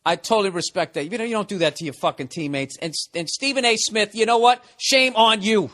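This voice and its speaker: A man's voice: high voice, fairly quick, a bit bright. A man ranting profanely and sarcastically in a monologue, mocking people with put-on quotes. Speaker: podcast host.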